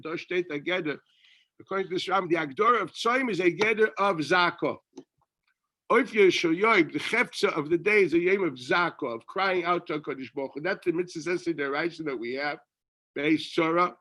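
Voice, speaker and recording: A rabbi teaches a Torah class in a fairly high, bright voice. He keeps it conversational, putting questions to himself and answering them. His talk mixes in Hebrew and Yiddish terms. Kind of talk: Torah lecture.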